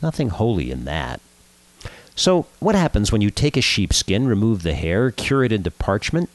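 A man's voice: lowish voice, moderate pace, no room sound. A man from Southern California hosting a radio show, telling jokes and giving a short Torah talk. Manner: lively, animated storytelling.

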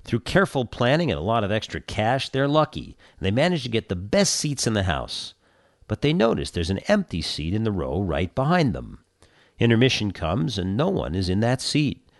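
Male rabbi host, low and very animated, dry studio sound. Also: normal speed, no echo. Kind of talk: radio show hosting and teaching.

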